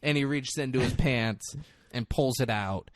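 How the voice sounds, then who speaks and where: An unhurried man with a medium-pitched voice co-hosts a podcast, chatting casually about a film he is recapping. The recording is dry with clean studio sound. He animatedly acts out the characters' lines, swearing as he goes.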